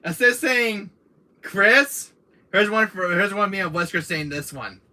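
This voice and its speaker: A man's voice: sits high, animated, brisk, pushed and bright. A man hosting a gaming channel, chatting casually and animatedly about video games and laughing often.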